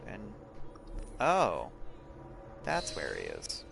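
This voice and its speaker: A man's voice: a bass voice, wildly swooping pitch, drawn-out words, creaky. A man chatting loosely to viewers while playing a video game live, swearing freely and rambling. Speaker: game streamer. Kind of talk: casual live-stream commentary. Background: game music.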